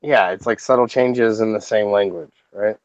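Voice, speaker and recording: A man chatting casually on a group call, tossing in quick offhand quips. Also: fairly low pitch, no room sound, highs cut off.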